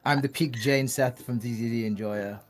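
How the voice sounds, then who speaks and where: A British man chatting as a podcast guest, his voice sitting in a middle register. He talks in a relaxed, hesitant way and drops dry, self-mocking jokes. Faint music plays behind him. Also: mid-range voice, normal speed. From Britain. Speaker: guest, VTuber and comic dubber. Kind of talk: casual podcast chat.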